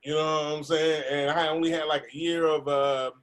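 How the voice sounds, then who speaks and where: A man, a comedian, telling an animated story over a video call, laughing and acting out the voices of other people. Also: on the high side, normal speed. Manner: laughing, acts out voices in his stories. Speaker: comedian guest.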